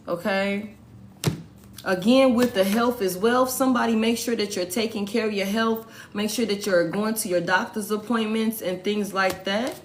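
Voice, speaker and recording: A woman's voice: medium pitch, steady tone, normal speed. A woman talks viewers through a tarot reading in a casual, blunt way. She swears freely and hammers her points home by repeating them. A faint background hiss runs under her voice. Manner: blunt, profane, emphatic repetition. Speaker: tarot reader.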